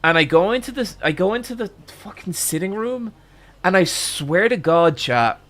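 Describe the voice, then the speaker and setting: Young male streamer spinning an animated, profane anecdote, slightly high voice, lots of restarts. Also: moderate pace. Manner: animated, swearing, with frequent restarts and "I'm like" quotes. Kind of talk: casual storytelling to a stream chat.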